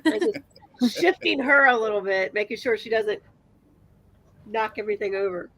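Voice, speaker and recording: A woman's voice: mid-range voice, lively intonation, moderate pace, fairly bright tone, no echo. A woman guest on a video call, giggly and easygoing. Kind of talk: casual chat.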